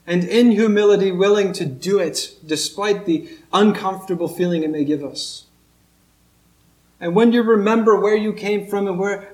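Male preacher, earnest and emphatic, slow pauses, somewhat higher voice, roomy sanctuary sound. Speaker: pastor. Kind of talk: sermon. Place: church sanctuary. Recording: echoey church room.

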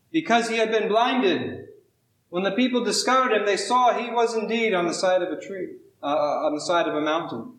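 A man preaching a sermon, reading scripture and then telling a story in a measured, drawn-out way with dramatic pauses. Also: high-pitched, a bit bright, roomy sound, rough recording. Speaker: pastor.

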